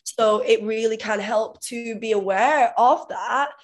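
Woman, coach, podcast guest, steady explaining, lists terms, acts out thoughts. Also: on the high side, measured pace.

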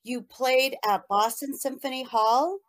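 A woman's voice: sits high, measured pace. A woman co-hosting an interview, telling a fond memory in a rambling, emotional way. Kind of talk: casual interview chat.

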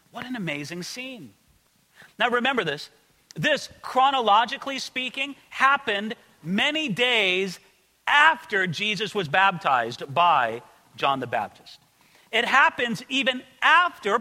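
A man's voice: high-pitched, bright, forceful tone, long reverb tail. A man giving an audio Bible commentary as a teacher, preaching emphatically and voicing the quoted lines.

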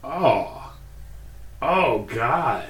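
A man of ordinary pitch co-hosts a podcast in casual chat. He stammers through restarts and swears in reaction. His voice carries a roomy echo over a faint background hiss. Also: big pitch swings, drawn-out words, fairly bright tone. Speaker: podcast co-host.

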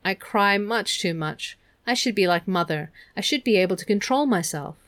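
A woman's voice: medium pitch, lively intonation, moderate pace, no echo, close to an everyday voice. A woman voicing Meg, a teenage girl who is anxious and tearful, speaking shakily. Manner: shaky, miserable delivery.

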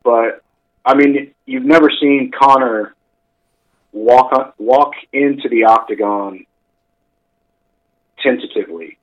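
A man's voice: mid-range voice, slow pace, pauses often, dull audio. A man co-hosting a casual chat show, talking in a rambling way with lots of fillers. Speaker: podcast co-host.

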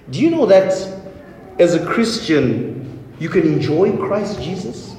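Man, high lively voice, slow emphatic sermon, echoey church hall. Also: slight background noise. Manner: emphatic, repetitive preaching with rising declarations. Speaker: pastor. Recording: echoey hall, faint ambience.

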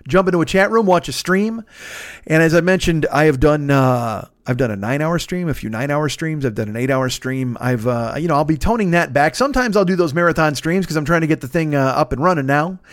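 A man's voice: on the high side, animated, brisk, no room sound, clean studio sound. A man in his forties hosting a podcast from a desk in his apartment, rambling through plugs and ad reads with lots of swearing and self-mocking asides. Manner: profane, rambling, self-mocking, restarts mid-sentence. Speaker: podcast host. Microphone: desk microphone.

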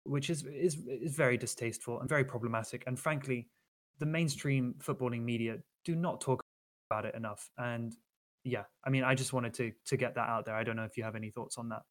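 A man's voice: mid-range voice, fairly even intonation, a little fast. Earnest man in casual football talk. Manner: earnest, critical, many fillers and restarts. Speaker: podcast co-host.

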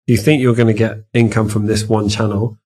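Low-voiced man hosting a podcast. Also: little pitch movement, a little fast, mellow. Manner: chips in with short agreeing yeahs, then muses aloud. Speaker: podcast host. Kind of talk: casual interview chat.

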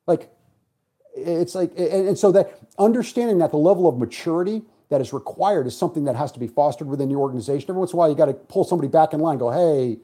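Blunt middle-aged man, dark husky tone, quick profane storyteller. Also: on the high side. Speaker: podcast guest. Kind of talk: casual storytelling chat.

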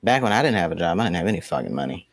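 A man's voice: deep voice, very animated, rapid-fire, no echo, clean studio sound. A man co-hosting a podcast in casual chat, laid-back and swearing freely. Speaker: podcast co-host.

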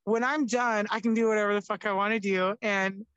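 A woman's voice: medium pitch, steady tone, brisk, a bit bright, clean tone, dry recording, muffled recording. A young woman, a podcast guest, chatting casually and animatedly, with lots of "like" and free swearing. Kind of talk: casual chat.

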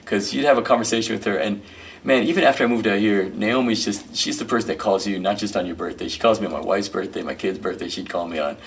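Fast, low-voiced middle-aged man telling stories. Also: vocal fry. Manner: rambling, filler-heavy, animated storyteller. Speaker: musician and record producer, guest. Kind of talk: casual storytelling interview. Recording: distant mic with faint noise.

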